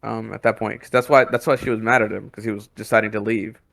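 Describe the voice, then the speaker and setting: A man's voice: on the low side, flat delivery, quick pace, creaky, a bit bright, no room sound. A man co-hosting a podcast, talking casually with lots of hesitations and filler words. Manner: hesitant, full of ums and likes. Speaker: podcast co-host. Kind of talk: casual chat.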